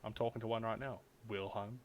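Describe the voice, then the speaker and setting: A man hosting a podcast, chatting casually, swearing a lot and breaking into loud outbursts. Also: fairly low pitch, fairly even intonation, brisk, slight background noise. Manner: swears a lot, loud bursts of laughter and outrage. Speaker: podcast host. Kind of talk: casual chat.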